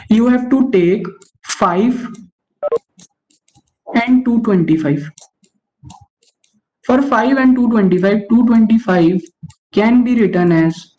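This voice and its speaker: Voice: medium pitch, a little mellow. Young adult, online coding lecture, keeps saying okay, self-correcting, dull lo-fi call audio. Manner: says okay constantly, stops to correct itself. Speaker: webinar presenter teaching algorithms. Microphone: online call microphone.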